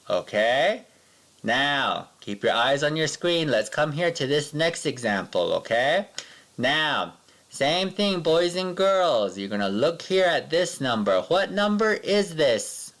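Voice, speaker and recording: A man teaching a math lesson to young children, patient and sing-song, counting along slowly with his pupils. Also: mid-range voice, fairly bright tone.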